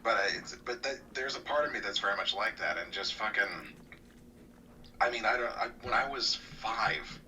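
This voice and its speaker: A man guest talking casually about cartoons, rambling and restarting, often trailing off quieter. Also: on the low side, normal speed. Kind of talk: casual interview chat. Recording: distant mic with faint noise.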